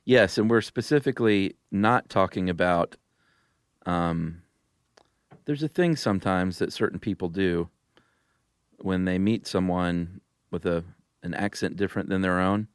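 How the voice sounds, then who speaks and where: A man co-hosting a podcast in casual chat, easygoing with dry humor and some halting restarts. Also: low-pitched, smooth, no room sound. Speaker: podcast co-host.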